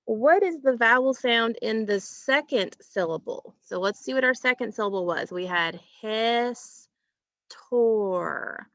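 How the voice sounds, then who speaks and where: A woman teacher giving a recorded phonics lesson to children, asking questions and pausing patiently for answers. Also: a little high, fairly bright tone, no echo, lo-fi sound. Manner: slow, patient, asks questions and pauses for answers.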